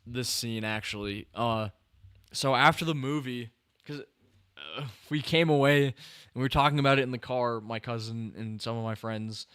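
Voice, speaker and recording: Rambling young man, smooth dry voice. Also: medium pitch, sharp tone, no echo. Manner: rambling, self-correcting, many fillers and restarts. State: tired, yawning. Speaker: podcast host. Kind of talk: casual film review chat.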